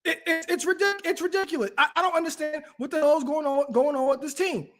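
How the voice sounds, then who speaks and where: A man's voice: extremely high pitch, fairly even intonation, fast, a bit bright, soft background music. A man hosting a casual talk show, ranting animatedly with frequent restarts. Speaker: podcast host. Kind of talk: casual chat.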